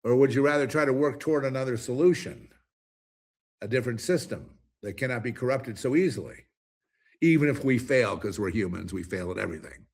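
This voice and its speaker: This man, host of his own commentary show, has a husky voice on the low side. His solo monologue is an emphatic, rambling rant with frequent restarts.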